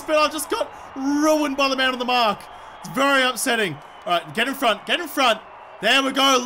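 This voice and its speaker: A young Australian man commentating his own football video game, shouting and cheering at the plays and joking along. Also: very high voice, expressive, fairly quick, a little hiss or hum. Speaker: gaming video creator. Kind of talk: excited gameplay commentary.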